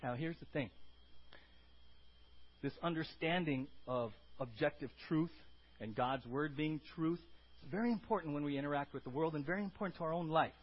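High, husky-voiced preaching pastor. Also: male voice, normal speed, lo-fi sound. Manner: animated preaching, asks the congregation questions. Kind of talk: sermon. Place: church sanctuary.

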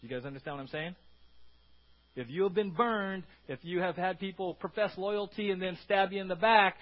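Animated high-voiced man preaching a sermon. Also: lo-fi sound. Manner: animated, conversational, repeats words and asks the congregation "right?". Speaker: pastor.

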